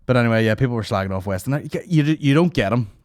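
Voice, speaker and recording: A man's voice: medium pitch, animated, rapid-fire, a little mellow, no echo, clean studio sound. Profane man in his thirties ranting. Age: 30s. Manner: profane, rambling, sarcastic. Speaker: podcast host. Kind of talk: casual comedy podcast rant. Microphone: studio microphone.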